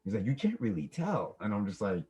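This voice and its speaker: A man's voice: lowish voice, huge pitch swings, fairly quick, mellow, lo-fi sound. A young man co-hosting a podcast in casual chat, rambling with many restarts. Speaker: podcast co-host.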